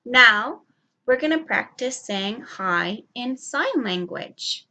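A young woman teaching young children, speaking clearly and prompting them to repeat words after her. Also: a little high, lively intonation, bright, forceful tone. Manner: enunciates slowly, prompting kids to repeat.

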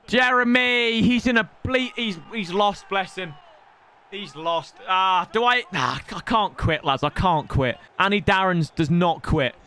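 This is live gameplay commentary from a young man narrating his own match, excitable and prone to bursts of shouting as he mocks his opponent. His high voice, bright and sharp-edged, swings wildly in pitch, and the tone is clean.

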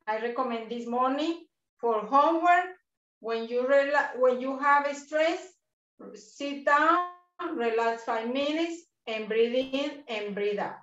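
A woman leading a guided breathing and chair yoga class over a video call, speaking slowly and encouragingly and repeating her instructions. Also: sits high, fairly bright tone. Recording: roomy, distant, dull video-call sound.

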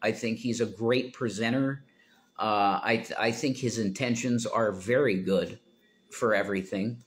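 A middle-aged man talking in a rambling, casual monologue, trailing into mumbles and then rising into loud exasperation. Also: fairly low pitch, steady tone, measured pace. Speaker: political commentator.

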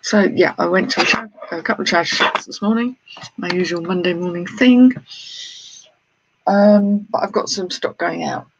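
Speaking at a moderate pace in a high-pitched, creaky voice, a British online reseller greets viewers and shows his sales with self-deprecating humor. The casual vlog has slightly dull lo-fi audio with faint noise.

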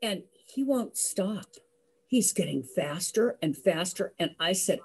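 An older woman telling a personal story in a lively way, acting out the voices of the people in it. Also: medium pitch, a little slow, husky. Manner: lively, acts out voices, laughs. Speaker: storyteller host.

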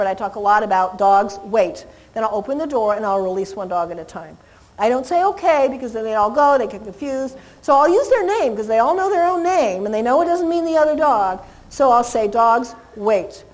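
A woman dog trainer giving a seminar lecture to a live audience, animated and laughing, singing names in a high voice. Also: low-quality recording.

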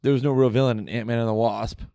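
A man talking pop culture with a co-host, laying out his opinions in an earnest, reasoned way. His voice is mid-pitched and sounds dry and close to the mic. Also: fairly even intonation, fast talker, dark tone, dry recording, lo-fi sound. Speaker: podcast co-host. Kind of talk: casual pop culture chat.

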